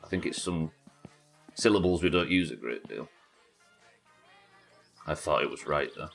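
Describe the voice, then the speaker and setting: Rumbling low and gravelly, the British man talks in an unhurried, slightly bright way, pausing often over soft background music. He's streaming a game live, chatting casually, cursing freely and reading out what viewers write.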